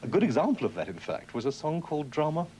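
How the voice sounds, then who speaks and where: A man hosting a television interview, asking questions in a measured, formal way. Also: fairly high pitch, very animated, warm tone, a little hiss or hum.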